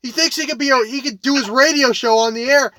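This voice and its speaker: A man co-hosting a casual sports podcast, blunt and quick to argue. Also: extremely high pitch, bright, forceful tone. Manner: blunt, argumentative. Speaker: podcast co-host.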